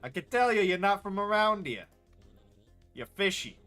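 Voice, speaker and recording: A man voicing a gruff, suspicious male hotel guest with a New York accent, brash and mocking, with loud outbursts. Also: high voice, big pitch swings, normal speed, faint music behind, voice pushed up, full character voice.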